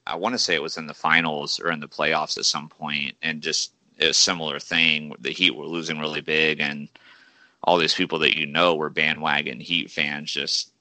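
A young man co-hosting a sports podcast, talking in an animated way. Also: rumbling low, moderate pace, no echo. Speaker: podcast co-host. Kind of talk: casual sports chat.

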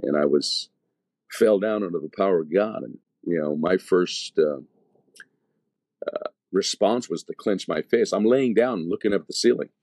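A man's voice: deep voice, normal speed, darkish tone, dry recording. A man, an evangelist, telling his conversion testimony in casual, slangy talk full of fillers and restarts.

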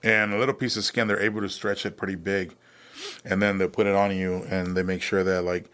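A man's voice: low-pitched, little pitch movement, fairly quick, fairly bright tone. A young man, a guest in a casual interview, telling a long personal story with many fillers and restarts.

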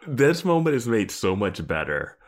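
Very deep-voiced man chuckling through commentary. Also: very animated, moderate pace. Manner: amused, chuckling, rambling commentary. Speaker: podcast co-host. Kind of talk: casual chat reacting to a TV episode.

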